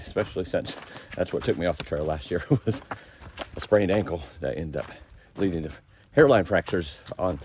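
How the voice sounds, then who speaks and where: A man narrating his thru-hike on camera as he walks a forested mountain trail, rambling and laughing at himself, sometimes quieter and further from the mic. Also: low-pitched, normal speed, a little hiss or hum. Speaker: thru-hiker vlogging the trail. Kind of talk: casual trail vlog narration.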